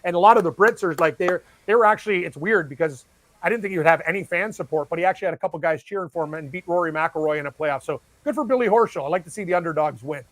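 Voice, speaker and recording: High, excitable male betting analyst. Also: dry recording. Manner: excitable, fast-rambling, laughs easily. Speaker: sports betting analyst guest. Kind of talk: casual chat.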